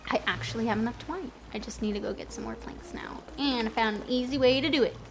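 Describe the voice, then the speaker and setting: A young woman in her twenties streams a game while chatting with viewers, rambling from topic to topic and talking to chat. Her voice is gravelly, fairly high, and fast. The stream audio is noisy, with faint music behind her.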